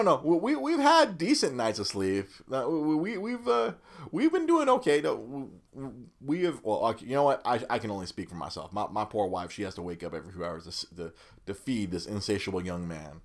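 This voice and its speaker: A man's voice: mid-range voice, big pitch swings, normal speed. A man, a young new father, chatting casually to his viewers in a rambling way, with many restarts and frequent laughter.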